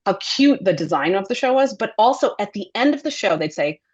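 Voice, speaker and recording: A woman who directs and produces children's television, chatting as an interview guest in a chatty, animated way with many fillers. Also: mid-range voice, brisk, highs cut off. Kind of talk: casual interview chat.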